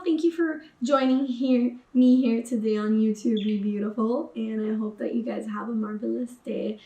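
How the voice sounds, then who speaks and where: A woman's voice: fairly high pitch, a little mellow, far from the mic. Chatty woman vlogger in an echoey room. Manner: chatty, uses slang like sis and boo-boo. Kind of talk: casual spiritual vlog.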